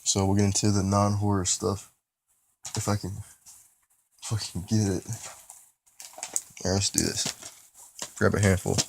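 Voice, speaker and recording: A man's voice: lowish voice, little pitch movement, unhurried, creaky, pauses often, noisy background. A man with a stuffy nose, casually rambling and swearing as he shows off his new movie haul in a vlog. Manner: casual and profane, rambling with restarts. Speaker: movie collector vlogger.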